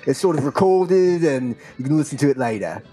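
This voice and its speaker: A man voicing a gruff, cheeky British toad who wears a bowler hat. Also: mid-range voice, lively intonation, fairly quick, warm tone, natural voice.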